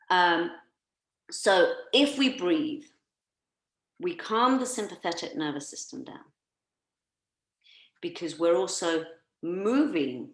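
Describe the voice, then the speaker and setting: Woman therapist, slightly low voice, patient explainer leading breathwork; echoey video-call room. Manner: calm, explanatory, coaching listeners through breaths. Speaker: massage therapist leading a workshop. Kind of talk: guided breathing instruction.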